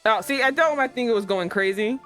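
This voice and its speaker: A young woman hosting a casual livestream chat, excitable, swearing and breaking into laughing outbursts. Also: fairly high pitch, fairly quick, soft background music. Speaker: streamer host.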